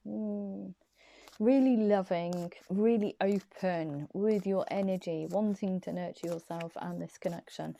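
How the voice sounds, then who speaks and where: Chatty tarot reader, female, mellow gravelly tone, giggles through her enthusiastic rambling. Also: mid-range voice. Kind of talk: casual chatty tarot reading. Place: small room at her parents' home. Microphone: camera on a small desk tripod.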